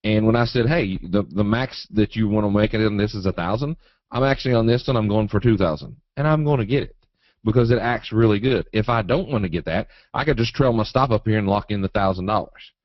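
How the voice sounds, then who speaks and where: A man teaching a live trading webinar in a folksy, animated way, acting out quotes and chart moves. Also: on the low side, brisk, no echo. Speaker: trading educator. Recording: dull, dry webinar audio.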